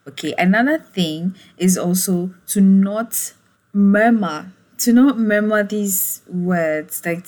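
Earnest woman host with a low voice. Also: darkish tone. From Ghana. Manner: earnest, repeats "okay" and "please", laughs at herself. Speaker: podcast host. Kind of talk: advice podcast monologue.

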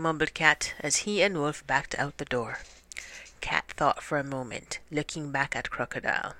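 A woman reading a children's storybook aloud in a measured, expressive way. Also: low-pitched, no room sound.

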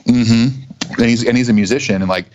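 A man's voice: medium pitch, fairly quick, darkish tone, a little hiss or hum. A man co-hosting a podcast, chatting casually, enthusiastic and rambling. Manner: enthusiastic, rambling, laughs easily. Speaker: podcast co-host. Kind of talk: casual chat.

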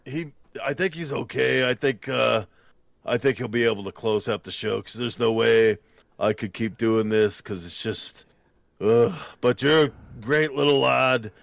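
A man doing a comedic impression of an Austrian action star, with a put-on Austrian accent and a jokey, halting delivery. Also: medium pitch, vocal fry, dry recording, pitched below the performer's own voice. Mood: sheepish.

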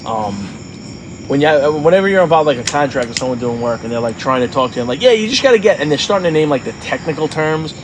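A man's voice: mid-range voice, fast. A man co-hosting a casual podcast, his voice sitting in an ordinary middle register. He rambles through stories, packed with fillers and easy swearing. A faint hiss of noise sits under the recording. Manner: rambling, loose storytelling full of fillers and swearing. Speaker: podcast co-host. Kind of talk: casual chat.

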